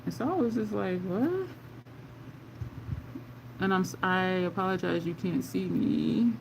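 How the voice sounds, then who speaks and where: Her medium-pitched voice moves at a moderate pace with vocal fry, and a little hiss or hum sits in the audio. A makeup vlogger, she rambles through stories while doing her makeup live, talking to viewers in a chatty Southern "y'all" style.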